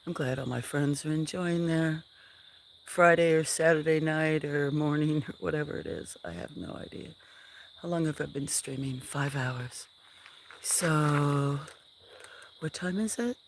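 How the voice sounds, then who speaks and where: A woman on a casual farm livestream, chatting with viewers and talking softly to her animals. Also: low voice, animated, a little slow. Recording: outdoor noise with chirping crickets. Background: crickets and insects.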